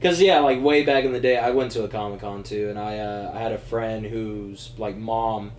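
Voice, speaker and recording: A man's voice: lowish voice, moderate pace, a little mellow, reverberant, slight background noise. A man co-hosting a podcast in casual chat, laid-back and swearing casually. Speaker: podcast co-host.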